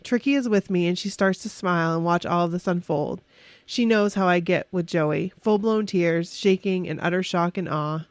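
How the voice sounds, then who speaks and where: Low-voiced woman podcast host, very dry sound. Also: normal speed, dry recording. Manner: chatty, giggly, stumbles over words and self-corrects. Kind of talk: casual podcast chat, reading a fan story aloud.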